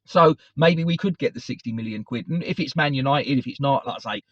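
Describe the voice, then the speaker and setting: A middle-aged man talks to camera in a loose, rambling way, often doubling back and correcting himself. His voice sits at an ordinary pitch. The recording is dry, with no room sound, and a little dull in the top end. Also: brisk, dry recording. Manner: chatty, digressive, self-correcting. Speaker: football fan channel host. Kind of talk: casual rambling commentary to camera.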